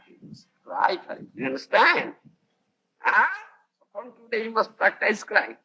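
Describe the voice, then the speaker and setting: A man's voice: sits high, huge pitch swings, a little slow, long pauses, sharp tone, breathy edge, lo-fi sound. A man with an Odia accent giving a devotional lecture, often laughing and asking his listeners whether they understand, on an old tape recording. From India. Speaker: spiritual teacher.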